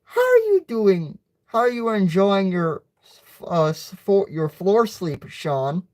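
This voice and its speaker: A young man reading a homemade storybook aloud and voicing a joking, teasing uncle, a little higher than his own voice. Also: animated, a little mellow. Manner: teasing, halting read-aloud delivery.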